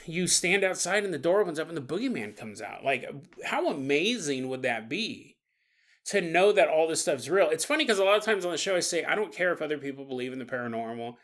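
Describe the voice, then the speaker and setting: A man's voice: sits high, bright, forceful tone. A man hosting a paranormal podcast, riffing comically and laughing often as he acts out little scenes. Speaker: podcast host. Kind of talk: comedic riffing monologue.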